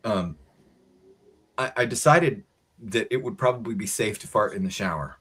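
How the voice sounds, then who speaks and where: An American man, co-host of a casual talk show, telling a story in a lively way and acting out the voices of the people in it. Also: lowish voice, normal speed, husky. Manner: animated storyteller acting out quotes.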